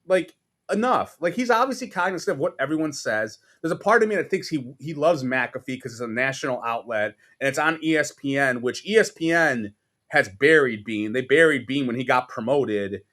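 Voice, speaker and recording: A man's voice: mid-range voice, expressive, fairly quick, a bit bright. A man with a New York accent, co-hosting a sports podcast and ranting in a profane, exasperated way with mocking impressions. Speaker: podcast co-host. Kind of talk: casual sports podcast rant.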